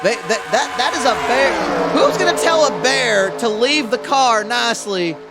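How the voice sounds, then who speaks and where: A man's voice: very high-pitched, lively intonation, moderate pace, loud music behind the voice. A man calling a race as play-by-play commentator in a rambling, folksy way, often stumbling over his words.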